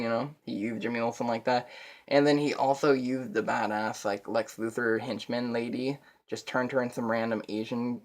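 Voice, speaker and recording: A young man giving a casual movie review, rambling and profane, with laughs between his points. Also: mid-range voice.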